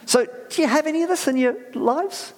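A man's voice: very high-pitched, normal speed. A man preaching a conversational sermon in a church, rambling and chatty, often asking the congregation questions. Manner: rambling, chatty, many fillers and restarts, asks the audience questions. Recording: reverberant church hall.

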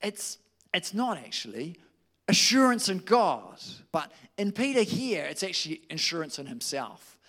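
A man preaching a conversational sermon, lively and informal, slipping into quoted voices. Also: sits high, unhurried. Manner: conversational, animated, with restarts and acted quotes.

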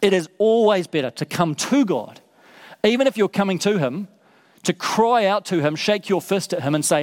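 Male pastor, sermon delivery, earnest and repetitive for emphasis, somewhat high pitch, reverberant hall. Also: animated, moderate pace. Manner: earnest, repeats words for emphasis.

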